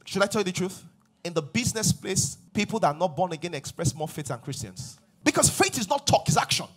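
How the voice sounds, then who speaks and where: Pastor guy preaching, high husky voice, goes loud then quiet. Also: a little fast, soft background music. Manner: animated preaching, swings from loud exhortation to hushed asides. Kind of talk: sermon.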